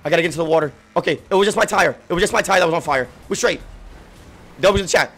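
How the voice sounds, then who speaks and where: Frantic high-pitched male gamer, yelling. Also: racing. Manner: frantic, yelling and laughing while playing; profane trash talk. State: voice giving out. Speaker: gaming streamer. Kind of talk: excited gameplay commentary.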